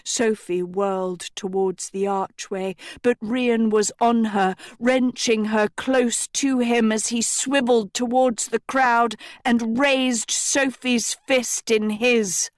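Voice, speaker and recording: A woman reading a storybook aloud in scripted narration, slow and deliberate. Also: on the high side, steady tone, no room sound, clean studio sound. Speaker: audiobook reader.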